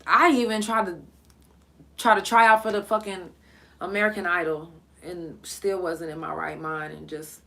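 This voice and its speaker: A woman's voice: fairly low pitch, steady tone, normal speed, creaky, sharp tone. A woman podcast host telling a personal story in a candid, blunt, emotional way.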